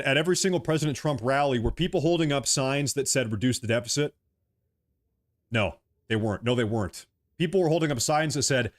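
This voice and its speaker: A man in his early thirties from the United States, giving a heated political rant full of repetition and swearing. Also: a little high. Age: 30s. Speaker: political commentator.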